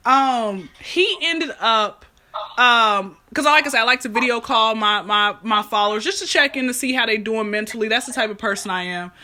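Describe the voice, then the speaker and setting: A woman's voice: on the high side, normal speed, sharp tone. A woman hosting a podcast, chatting casually and telling stories in a rambling, chatty way over a remote call line. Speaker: podcast host.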